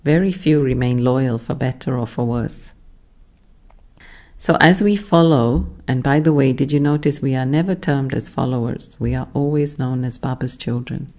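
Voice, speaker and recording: A spiritual teacher gives a measured talk to a class, explaining ideas and putting rhetorical questions to the listeners. His voice is mid-range with a darkish tone.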